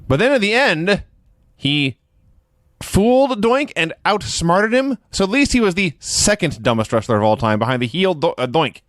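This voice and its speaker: Wry man with a lively middle voice. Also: high voice, normal speed, no echo, clean studio sound. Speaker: podcast co-host. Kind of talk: casual chat recapping wrestling.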